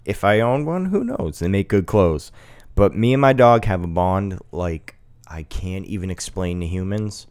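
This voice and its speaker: A man co-hosting a casual podcast from a home studio, enthusiastic and quick to laugh. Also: low-pitched, lively intonation, darkish tone, clean tone, dry recording. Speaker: podcast co-host.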